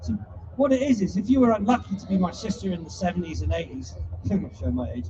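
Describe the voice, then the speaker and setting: A man's voice: high-pitched, fast talker, background noise. A man presenting a live animal show to an audience, chatty and teasing with a playful showman's patter. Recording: distant mic, dull sound, music behind.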